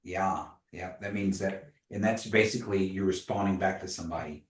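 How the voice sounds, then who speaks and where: Man, low-pitched, language teacher, patient, casual, echoey room, distant mic. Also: fairly even intonation, normal speed. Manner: patient, models pronunciation, tells anecdotes. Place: classroom.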